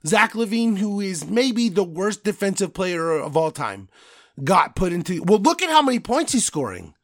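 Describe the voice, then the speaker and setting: A man hosting a podcast, delivering a loud, profane, angry sports rant. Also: high-pitched, big pitch swings, moderate pace, dry recording, studio quality. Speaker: podcast host.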